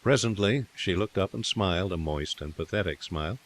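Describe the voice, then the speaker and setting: A man narrating a classic short story in a steady, measured reading. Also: low voice.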